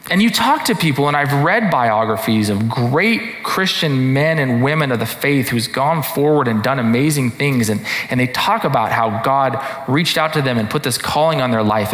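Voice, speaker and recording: A man's voice: medium pitch, expressive, moderate pace, a bit bright. Male pastor preaching casual-style, lots of "right?", echoey hall. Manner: conversational, lots of rhetorical questions. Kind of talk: sermon.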